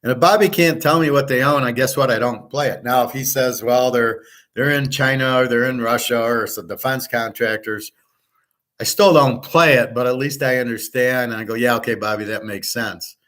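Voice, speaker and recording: A man's voice: medium pitch, normal speed, a bit bright. A man who handicaps sports bets, talking in a blunt, profane, rambling monologue.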